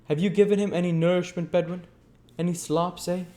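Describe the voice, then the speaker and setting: A man voicing a brisk, kindly old gentleman with a hoarse, fussy voice, read from a storybook. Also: sits high, flat delivery, voice pushed up, lightly acted. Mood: blustering.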